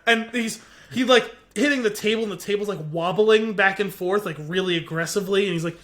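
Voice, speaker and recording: This podcast co-host talks fast in a high-pitched voice. He's casually recapping a TV episode, full of energy, acting out quoted lines and leaning heavily on "like" and other fillers.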